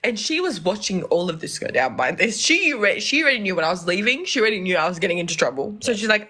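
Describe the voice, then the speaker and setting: Young woman, from Lebanon, casual storytelling, animated, voices the people she quotes, bright voice. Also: medium pitch, fast, few pauses. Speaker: podcast guest.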